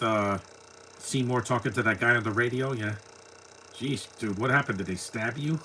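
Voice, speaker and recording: A man chatting his way through a live watch-along commentary, mid-pitched and unhurried in between his blunt opinions. He speaks offhand and candid, as if talking to friends beside him on the couch. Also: sharp tone, slight background noise. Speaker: movie commentator. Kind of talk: casual live movie commentary.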